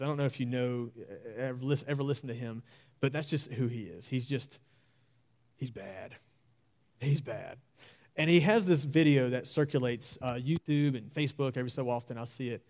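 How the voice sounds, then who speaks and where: A young man preaching a sermon in an earnest, exhorting way, repeating key phrases slowly for emphasis. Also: medium pitch, mellow.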